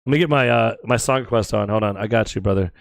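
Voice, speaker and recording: An American man streaming a video game, casually bantering and joking with viewers, swinging between loud excitement and low mumbling. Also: fast talker, vocal fry, dry recording. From United States. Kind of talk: casual gaming chat with viewers.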